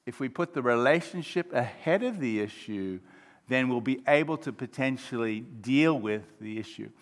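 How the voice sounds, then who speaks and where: A man in his fifties preaching a sermon as pastor, shifting from quiet reflection to loud, emphatic exclamations. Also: medium pitch, lively intonation, moderate pace.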